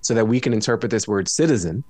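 Tired, reflective man with a low voice. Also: animated, quick pace, darkish tone, dry recording. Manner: reflective, jokey, laughs often. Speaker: podcast guest. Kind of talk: casual conversation. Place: at home. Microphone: studio microphone.

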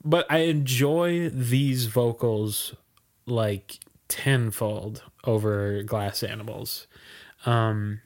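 A man's voice: mid-range voice, fairly even intonation, very slow. A man in his thirties co-hosting a casual music podcast over a video call, laid-back and rambling, with lots of fillers and laughs. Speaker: podcast co-host.

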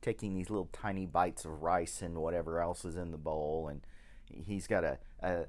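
A man co-hosting a podcast, chatting casually about an old film in a hesitant way, with many pauses and restarts. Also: sits low, steady tone. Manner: slow, hesitant, full of ums and restarts. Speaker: podcast co-host.

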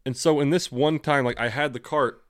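Male podcast co-host, rapid rambling delivery, casual and profane, close dry mic. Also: medium pitch, steady tone, dry recording. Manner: fast, rambling, swears freely. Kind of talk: casual chat.

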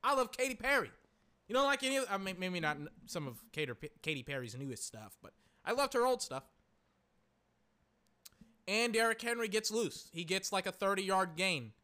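A man chatting casually and excitably, rambling, swearing and exclaiming, his voice cracking. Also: sits high, normal speed. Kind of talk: casual chat.

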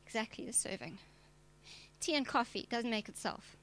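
A woman's voice: fairly high pitch, moderate pace, a bit bright, slight background noise. A woman preacher, giving a direct, emphatic sermon with touches of humor. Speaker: preacher and church leader.

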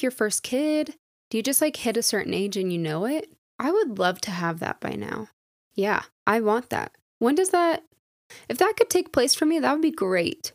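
A woman's voice: fairly high pitch, dry recording, clean studio sound. A woman in her twenties hosting a casual solo podcast, telling a personal story in a candid, reflective way with plenty of "like" fillers. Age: 20s. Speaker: podcast host.

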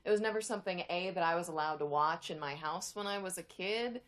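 A woman's voice: lowish voice, fast talker, fairly bright tone. A young woman co-hosting a podcast in casual chat, thoughtful and rambling. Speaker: podcast co-host.

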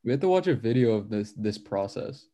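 A man's voice: lowish voice, animated, brisk, dark tone. A young man studying with a friend, chatting and teasing playfully, laughing often as he reads along. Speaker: student study partner. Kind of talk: casual study-session chat.

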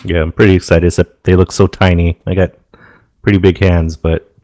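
Deep-voiced man in casual chat. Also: flat delivery, brisk, a little mellow, no room sound. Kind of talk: casual chat about games.

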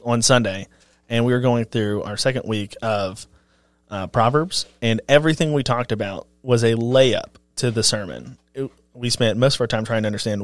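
Relaxed pastor chatting on a podcast. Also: male voice, mid-range voice, moderate pace, no echo. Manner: relaxed, self-deprecating, joking. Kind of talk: casual chat about sermons.

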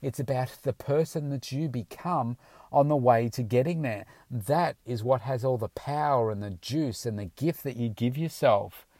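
A man's voice: mid-range voice, moderate pace, darkish tone, dry recording. A man giving a motivational coaching talk, emphatic and direct, often repeating affirmations aloud. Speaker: weight-loss coach.

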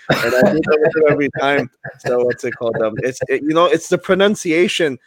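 A man's voice: medium pitch, fairly quick, no room sound. Male podcast host, medium voice with a dry sound, casual and jokey. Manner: friendly, joking, mixes in Arabic phrases. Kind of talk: casual interview chat.

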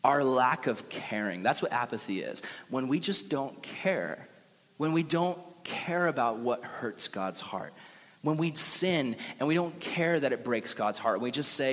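A young man preaching a casual, animated youth sermon and acting out the quotes he tells. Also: medium pitch, measured pace, big-room sound. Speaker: youth pastor.

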